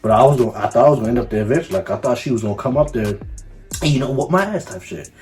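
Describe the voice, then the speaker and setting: A young man telling a story on his vlog in a casual, profane, animated way, full of slang. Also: mid-range voice, racing, soft background music. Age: young adult. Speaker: YouTuber.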